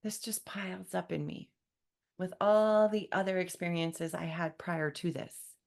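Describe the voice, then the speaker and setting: Low-voiced woman hosting a wry podcast. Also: fairly even intonation, unhurried, gravelly, a little mellow. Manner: wry, conversational, mock-quoting people. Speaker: podcast host. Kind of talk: solo podcast talk.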